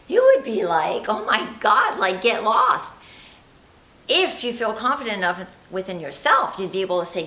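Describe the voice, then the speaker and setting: A woman's voice: medium pitch, a bit bright, roomy sound, poor audio. A woman coaching on confidence, talking chattily and animatedly straight to the viewer. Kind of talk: motivational vlog talk.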